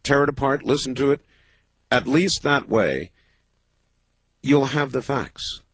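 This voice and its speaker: A man hosting a late-night call-in radio show, talking in a measured, halting way with many pauses. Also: medium pitch, animated, husky, dry recording. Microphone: studio microphone.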